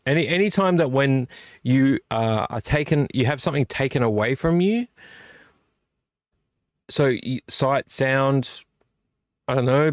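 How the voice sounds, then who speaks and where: A man's voice: mid-range voice, no room sound. A man hosting a late-night live stream, tipsy from drinks and rambling off on tangents while chatting to viewers. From Australia. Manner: rambling, digressive, talking to chat. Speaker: vlog host.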